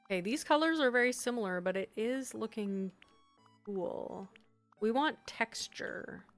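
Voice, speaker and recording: A Canadian woman chatting on a live stream, reading chat aloud and reacting with sudden bright exclamations. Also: on the high side, animated, measured pace, soft background music.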